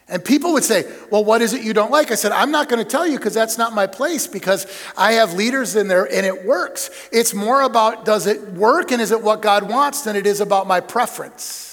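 A middle-aged man preaching a sermon to pastors, telling stories with emphatic peaks and soft, quiet asides. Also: sits high, in a large hall. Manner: storytelling, emphatic then dropping to soft asides. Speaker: denominational superintendent preaching to pastors.

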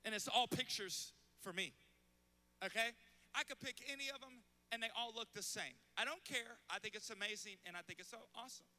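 A young adult man preaching a comic, animated storytelling sermon from a youth convention stage. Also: very high-pitched, brisk.

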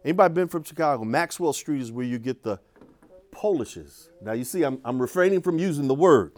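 An older man who teaches urban ministry tells a story to an audience, speaking animatedly at a brisk pace with a medium-pitched voice. He frequently restarts and repeats his words.

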